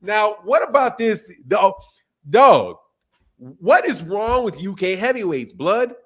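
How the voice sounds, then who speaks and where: A man hosting a boxing talk show, excitable and animated, laughing often. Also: high-pitched, takes it slowly. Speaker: host. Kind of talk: casual chat.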